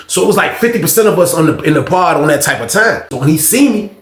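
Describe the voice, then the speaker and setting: A man's voice: fairly high pitch, fast talker, few pauses. A man telling a long story in a casual, slangy way, acting out the people in it. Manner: animated, slangy, acts out the other people in his story. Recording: roomy echo.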